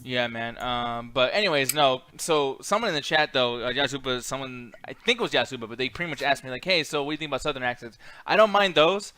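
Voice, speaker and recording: A man's voice: medium pitch, quick pace, few pauses, sharp tone, clear, resonant tone, dry recording. An American man hosting a podcast, rambling in casual chat with lots of swearing and fillers. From United States. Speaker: podcast host.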